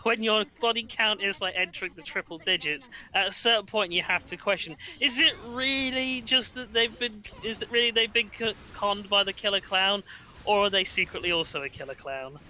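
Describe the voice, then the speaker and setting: A man's voice: high voice, normal speed, sharp tone, poor audio. A man ranting sarcastically in casual gaming chat as a co-host, swearing freely.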